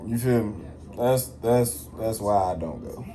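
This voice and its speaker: A man's voice: on the low side, a little slow, dark tone. A man talking casually to his audience, slangy and emphatic, swearing freely and repeating phrases for emphasis. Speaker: vlogger. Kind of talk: casual monologue to camera.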